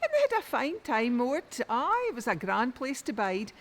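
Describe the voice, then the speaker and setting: A woman with a Doric Scots accent telling a traditional folk tale in rich dialect, lilting and expressive. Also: on the high side, normal speed, a little hiss or hum. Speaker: storyteller. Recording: long reverb.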